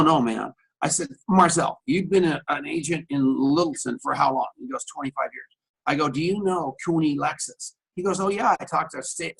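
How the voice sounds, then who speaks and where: A middle-aged man who hosts a radio talk show spins an animated anecdote in a coffee shop, voicing each person in it. His voice sits a little high and has a gravelly, husky grain. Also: rough recording. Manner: animated anecdote telling, acting out both sides of a conversation. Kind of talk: storytelling on camera.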